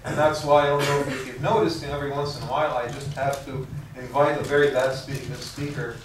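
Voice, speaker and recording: A man's voice: mid-range voice, level tone, a little fast. A man, an imam, giving a conversational religious lecture and answering audience questions, often restarting and repeating words. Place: university lecture room. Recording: echoey room from far off, faint noise.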